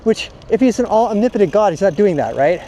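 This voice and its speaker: A man's voice: high voice, expressive, fast, warm tone, slight background noise. A man vlogging while cycling outdoors, ranting bluntly and profanely in a casual monologue.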